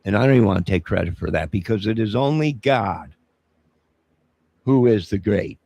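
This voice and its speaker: A man ranting on a live stream, preachy and confrontational, with a gravelly, husky voice. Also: on the low side, expressive, moderate pace, warm tone. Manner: indignant, preachy, confrontational, keeps saying 'sir'. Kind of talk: rambling live-stream monologue.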